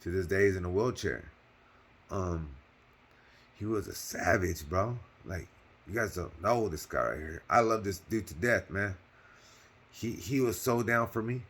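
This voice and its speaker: A man's voice: deep voice, a little slow, a bit bright, breathy edge. A man casually telling a personal story on his channel, in loose slang with cursing and lots of fillers, earnest and heartfelt.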